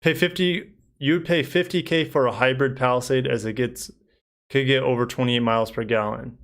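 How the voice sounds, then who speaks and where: A man's voice: medium pitch, fairly even intonation, moderate pace. A young man hosting a casual live stream as a car reviewer, rambling easily through viewer comments with many fillers. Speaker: car reviewer and channel host.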